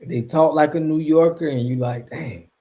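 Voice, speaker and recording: A man's voice: fairly high pitch, moderate pace, warm tone, rough recording. A man hosting a casual livestream, talking back to his chat in a loose, slangy, rambling way with frequent laughs. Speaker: streamer and channel host.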